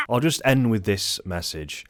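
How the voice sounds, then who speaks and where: A man rambling through an unscripted film review, exasperated and sweary. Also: sits low.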